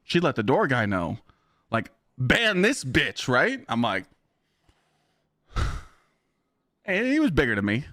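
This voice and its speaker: A man's voice: mid-range voice, measured pace, pauses often, no room sound. Young guy streamer swearing his way thru a story to chat, dry close sound. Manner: profane, blunt, animated storyteller who talks to chat. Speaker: game streamer. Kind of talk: casual live-stream storytelling.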